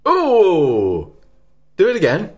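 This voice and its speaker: A man's voice: sits high, wildly swooping pitch, slow, noisy background. Man chiming in with teasing quips. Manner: teasing interjections. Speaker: podcast co-host.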